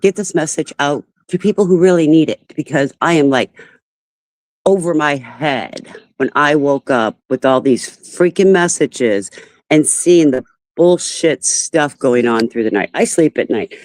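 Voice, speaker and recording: Woman, livestream host, upset, rambling, lowish voice, dry sound. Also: animated, unhurried, darkish tone, no echo. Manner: upset and rambling, greeting viewers by name. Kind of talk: casual live-stream talk to viewers.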